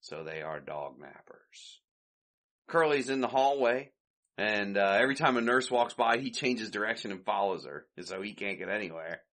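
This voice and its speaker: A man's voice: on the low side, a little fast, fairly bright tone. A man hosting a podcast, casually retelling an old comedy short, chatty and loose, and he chuckles often. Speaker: podcast host.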